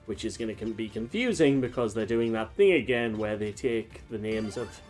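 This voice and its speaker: Streaming a video game, a man chats casually in a let's-play style, drifting into long, rambling tangents packed with fillers. His fairly low, darkish voice is animated and moves at normal speed, with faint game music behind him.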